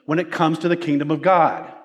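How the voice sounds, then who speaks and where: A middle-aged male pastor preaching, telling a self-mocking personal story in an animated way. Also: on the high side, fairly quick. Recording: long hall reverb.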